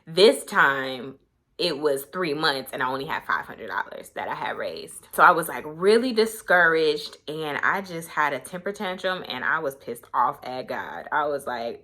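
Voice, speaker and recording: A woman's voice: low-pitched, lively intonation, normal speed, sharp tone. A young woman vlogger telling a personal story in a candid, conversational way, full of fillers and emotion.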